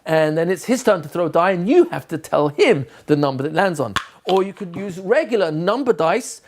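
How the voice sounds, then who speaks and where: A man's voice: high voice, lively intonation, moderate pace, a little mellow, a little hiss or hum. A man giving a recorded lesson to teachers, quizzing himself aloud and answering in a playful way. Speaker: teacher trainer.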